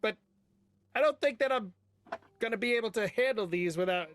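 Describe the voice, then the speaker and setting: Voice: mid-range voice, fairly quick, soft background music. A player in a tabletop game, complaining wryly in character. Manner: wry, complaining banter. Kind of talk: in-character tabletop role-play.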